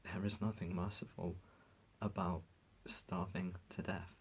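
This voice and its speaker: A man with a deep, husky voice talks straight to his viewers in a heated, emotional rant. He pushes his points with indignation, stumbling and restarting mid-sentence as his feelings run high. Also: flat delivery, a little slow, low-quality recording. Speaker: vlogger. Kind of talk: emotional talk to camera.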